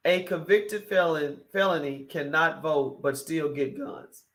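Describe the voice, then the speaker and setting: A woman's voice: sits low, measured pace. A woman hosting a morning talk show, giving an opinionated monologue that is emphatic and repetitive, full of rhetorical questions.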